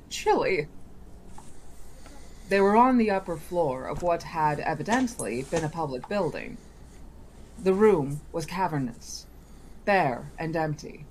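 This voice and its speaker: A woman reads a novel aloud at a very slow, unhurried pace in a lowish voice. She is deliberate and now and then stops to fix a misread word. Faint background hiss runs under her reading. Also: darkish tone. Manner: deliberate, with small self-corrections. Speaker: book club reader.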